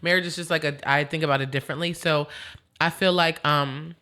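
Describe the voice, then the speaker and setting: A woman hosting a podcast, chatting in an animated, rambling way and laughing easily. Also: sits low, fairly quick. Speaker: podcast host. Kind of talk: casual chat.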